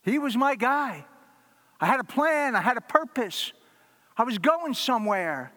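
A man's voice: very high-pitched, lively intonation, a little slow, pushed and bright, in a large hall, voice pushed up, heavily acted. A man acting out a frightened male fisherman disciple, pleading and overwrought. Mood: anguished.

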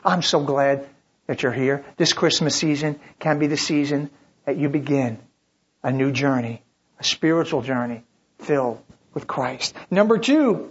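Pregador rouco, enfático, sermão de igreja em gravação abafada. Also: male voice, a little high, lively intonation, unhurried, breathy edge. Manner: emphatic, rising rhetorical questions. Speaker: pastor. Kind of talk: sermon. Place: church. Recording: dull lo-fi recording.

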